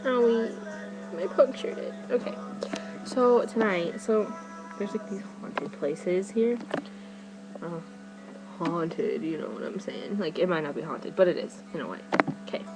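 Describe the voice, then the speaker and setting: A woman's voice: lowish voice, unhurried, long pauses, poor audio. Rambling teen girl vlogger, music behind. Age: teens. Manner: rambling, fillers, "like" constantly. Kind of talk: excited storytelling to camera. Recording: music playing behind her.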